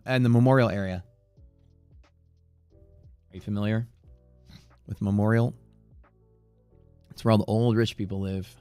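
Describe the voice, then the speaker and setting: Male streamer host, lowish dry voice, rambling casual live commentary with faint music underneath. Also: steady tone, measured pace, pauses often, warm tone, smooth, no room sound. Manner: chatty, rambling, occasionally profane. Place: Houston area.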